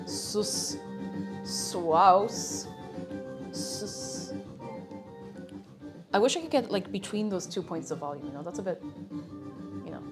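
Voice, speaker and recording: Giggly woman streamer, lively pitch. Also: quick pace, music in the background. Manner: chatty and giggly, breaks into silly noises. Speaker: live streamer. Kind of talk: casual chat while cooking on a live stream.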